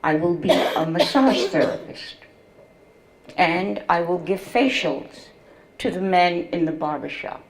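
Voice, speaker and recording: An older woman telling her own life story, slow and deliberate, with deep feeling in her storytelling. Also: animated, roomy sound, a crowd in the background, rough recording. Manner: slow, deliberate, emotional storytelling with quoted voices. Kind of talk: first-person storytelling to an audience.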